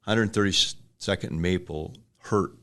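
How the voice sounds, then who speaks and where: A man's voice: sits low, unhurried, pushed and bright. A middle-aged man, telling rambling business stories in a casual interview, acting out quotes with chuckles. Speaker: restaurant franchise owner, guest.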